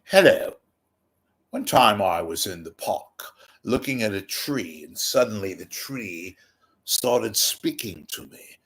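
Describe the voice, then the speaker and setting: A man's voice: lowish voice, sing-song, takes it slowly, a bit bright, breathy edge, exaggerated voice. A man putting on a silly posh British accent to spout nonsense. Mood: mock-posh. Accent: British (put on).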